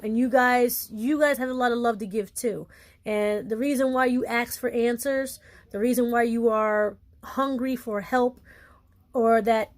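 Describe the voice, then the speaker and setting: A woman who runs a small business talks casually to her followers, animated and emphatic, laughing often and using playful slang. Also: a little high.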